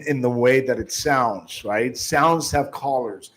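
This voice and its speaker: A man's voice: medium pitch, moderate pace, hardly any pauses, rough recording. A man giving sales training, emphatic, restarting often and shifting his tone and volume to demonstrate.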